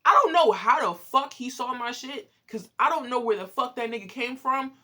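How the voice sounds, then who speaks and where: A young man telling a story in a casual, animated, profane way, exasperated and often laughing. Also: very high voice, moderate pace. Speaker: vlogger.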